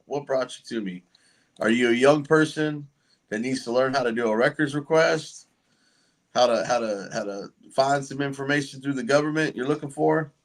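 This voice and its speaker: A man hosting a casual livestream, chatting loosely and joking with viewers and guests. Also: mid-range voice. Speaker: livestream host.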